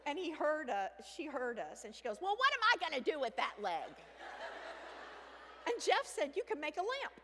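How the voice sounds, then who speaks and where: A woman telling a comic story on stage, animated, with sudden shrieks and hushed asides. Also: high voice, moderate pace, noisy background. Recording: reverberant hall with faint ambience.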